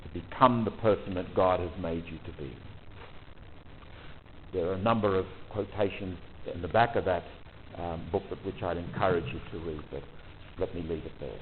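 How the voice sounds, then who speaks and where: A man leading a retreat talk for priests, relaxed and conversational, often pausing with ums and restarts. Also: low-pitched, a little hiss or hum. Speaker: retreat leader. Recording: tinny phone-like audio.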